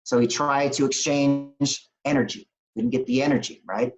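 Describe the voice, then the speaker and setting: Animated plain-spoken man telling stories. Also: medium pitch, dull audio. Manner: animated, plain-spoken, repeats words in quick restarts. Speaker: interview guest, business coach. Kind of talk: motivational storytelling.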